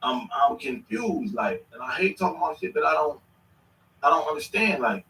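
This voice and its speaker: A man's voice: a little high, animated, moderate pace, sharp tone. A man casually reacting to clips on a stream, rambling and slangy with sudden bursts of laughter. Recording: echoey room, mic at a distance.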